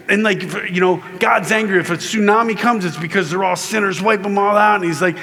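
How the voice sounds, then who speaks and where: A man's voice: high-pitched, fast, hardly any pauses, sharp tone. A man giving a conference keynote sermon as a comic story, acting out the voices of the people in it and laughing often. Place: large conference hall.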